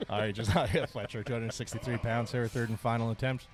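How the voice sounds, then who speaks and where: Male play-by-play commentator, mid pitch, lively cheering, music in the gym. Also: brisk. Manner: excited, cheering lifters on. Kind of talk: live sports commentary. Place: strength competition gym. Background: music playing.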